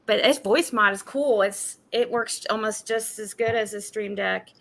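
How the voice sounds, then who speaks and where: A woman's voice: medium pitch, normal speed, creaky, fairly bright tone. A woman chatting casually on a stream, rambling and hedging as she talks.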